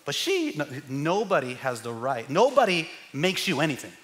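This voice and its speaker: Middle-aged male pastor, high and bright, animated preaching style that rises to shouts. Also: normal speed. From United States. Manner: energetic, joking, builds to shouting. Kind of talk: sermon. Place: church sanctuary.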